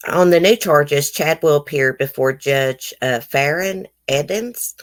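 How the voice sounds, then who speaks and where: A low-pitched woman with a drawl talks on a home livestream, reading news items and breaking off into blunt, opinionated asides to her viewers. She speaks casually, with a swollen face from a toothache. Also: a little slow. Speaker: livestream host.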